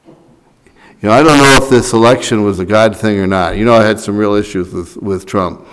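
A man's voice: lowish voice, steady tone, normal speed, smooth, low-quality recording. A man preaching a sermon, reading scripture and then explaining it in a loose, conversational way with asides and restarts.

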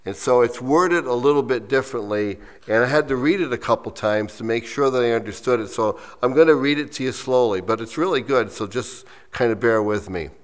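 A man preaching a sermon, his voice sitting at an ordinary middle pitch. He reads quoted lines slowly and with weight, then drops to soft explanatory asides. The sound carries a long reverb, as in a church hall. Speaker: pastor.

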